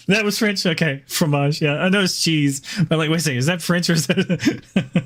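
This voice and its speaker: A man's voice: a little high, normal speed. Rambling man chatting on a game stream. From Southern United States. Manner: rambling, chuckles often, many fillers. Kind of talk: casual gaming stream chat.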